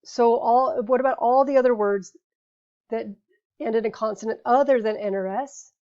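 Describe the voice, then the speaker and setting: A woman teaching a grammar lesson, patiently explaining rules and saying each example word slowly before repeating it. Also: fairly high pitch, mellow. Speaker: Spanish teacher. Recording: dull lo-fi recording.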